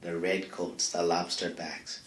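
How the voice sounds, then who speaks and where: A man's voice: sits low, little pitch movement, measured pace, reverberant, heavy background noise. A man as a comedic character, rambling through a mock history lesson in broken grammar with lots of fillers. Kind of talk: rambling comic monologue.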